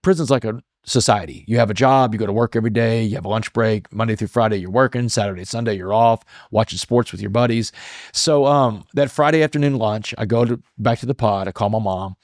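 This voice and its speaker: A middle-aged man recounts his story as an interview guest, earnest and given to emotion, often doubling back on his words. His voice sits low. The sound is dry and close. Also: fairly quick, no room sound.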